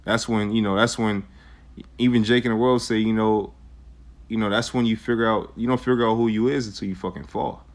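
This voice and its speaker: A man's voice: fairly low pitch, fairly even intonation, brisk. A young man talking casually about faith, full of slang and "you know," reading old verses aloud. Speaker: vlogger sharing scripture. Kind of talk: casual religious talk and scripture reading.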